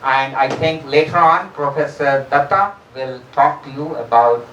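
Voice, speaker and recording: A professor from India delivers a university lecture. They quiz the students and hesitate on fillers. The voice sits at an ordinary middle pitch and sounds distant, captured in a roomy lecture hall. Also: measured pace, a bit bright, muffled recording, slight background noise. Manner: addresses students with rhetorical questions, frequent fillers. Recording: roomy echo, distant mic.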